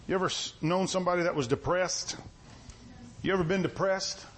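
A middle-aged male preacher with a notably high voice, talking through a sermon in a folksy, conversational style. His tone comes across as stern even when he means nothing by it, and he often circles back and repeats himself. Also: fairly quick, slight background noise. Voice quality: sounds stern even when not angry.

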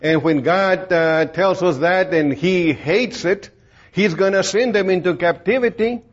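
High-voiced man preaching, rambling. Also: unhurried. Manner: rambling, many fillers and restarts; plain-spoken, folksy. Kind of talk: informal sermon. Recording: dull lo-fi recording.

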